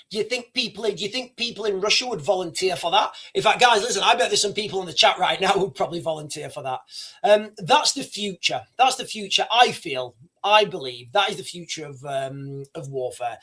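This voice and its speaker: A man hosting a casual live stream, talking to his chat in an animated way, repeating himself and calling viewers guys. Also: sits high. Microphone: streaming setup microphone.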